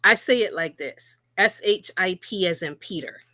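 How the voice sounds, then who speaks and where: A woman's voice: fairly low pitch, normal speed, bright, forceful tone, no room sound. A woman co-hosting a live talk about relationships, speaking earnestly and repeating key phrases for emphasis. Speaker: co-host.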